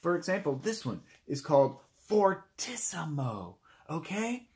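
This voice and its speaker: A man's voice: fairly high pitch, very animated, measured pace, a little mellow. A man teaching a children's music lesson in a playful way, speaking straight to the kids and imitating animal sounds.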